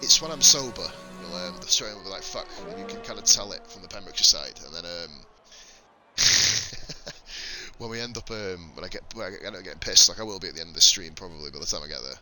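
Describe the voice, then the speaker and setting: A man's voice: low-pitched, quick pace, bright, forceful tone, faint music behind, rough recording. A man with a northern English accent mixed with Welsh, commentating a sim race on a live stream and bantering with viewers, swearing freely. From northern England.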